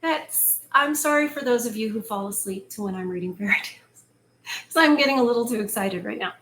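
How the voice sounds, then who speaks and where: Excitable woman reading fairy tales. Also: fairly high pitch, quick pace. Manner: excitable, chatty, animated commentary. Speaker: storyteller host. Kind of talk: fairy tale reading with chatty asides. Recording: echoey room, faint ambience.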